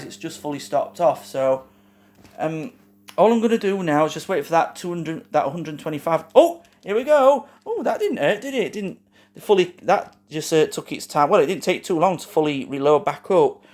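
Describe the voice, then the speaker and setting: Rambling, halting man with a higher voice. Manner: rambling, halting, with many fillers and self-corrections; keeps addressing viewers as "guys". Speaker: lighting hobbyist vlogger. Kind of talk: casual show-and-tell vlog.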